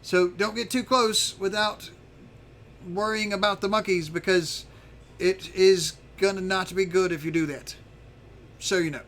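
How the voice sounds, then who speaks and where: A man's voice: high-pitched, steady tone, a little slow, a bit bright, voice pushed up. A man voicing a small, boastful male creature who claims to be a mighty dragon of fire. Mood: earnest warning. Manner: grandiose, threatening.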